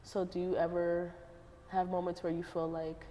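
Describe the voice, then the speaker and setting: A woman's voice: on the low side, monotone, normal speed, mellow, big-room sound. A woman hosting a casual interview, chatty, who laughs often and says "like" a lot. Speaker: interviewer and show host.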